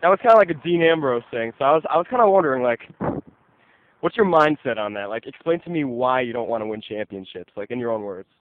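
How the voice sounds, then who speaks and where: A man interviewing a friend in a casual chat, prompting questions and often trailing off quietly. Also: mid-range voice, animated, quick pace, dry recording. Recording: phone-like audio, speaker off mic.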